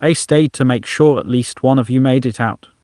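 A man's voice: medium pitch, normal speed, dry recording, clean studio sound, lightly acted. A man voicing a wounded male alien who talks through coughs and rising panic. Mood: strained. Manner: shouting, coughing.

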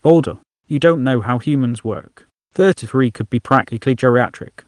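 A man's voice: medium pitch, normal speed, no room sound, clean studio sound, natural voice. A man voicing a nagging, anxious inner critic woman. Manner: sharp, worried, nagging.

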